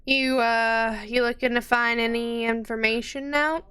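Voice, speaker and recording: A woman narrating as game master of a tabletop game, lively and quick to voice the townsfolk. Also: on the high side, smooth.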